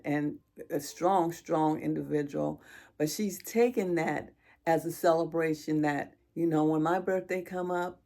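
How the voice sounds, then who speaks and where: Low, gravelly-voiced woman sharing grief. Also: a little mellow. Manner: emotional, halting, with pauses and restarts. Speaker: vlogger. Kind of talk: heartfelt personal chat to viewers.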